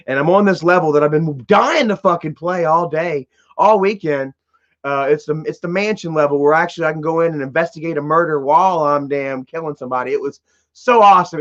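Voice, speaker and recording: Telling a rambling story to his live stream chat, a high-voiced man swears a lot, leans on fillers, and keeps restarting. His tone is fairly bright, though the lo-fi sound comes across slightly dull.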